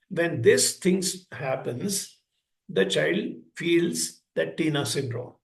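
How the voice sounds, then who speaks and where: Guy giving a talk, high voice with a gravelly edge, acts out little stories, roomy echo. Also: slow pace. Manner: animated storyteller, acting out parent and child voices. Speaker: speaker at a school talk. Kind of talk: public talk with acted-out stories. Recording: echoey hall.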